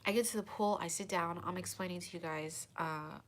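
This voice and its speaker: A woman hosting a tarot channel, telling viewers a personal story in an animated, dramatic way with lots of fillers. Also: lowish voice, brisk, slight background noise.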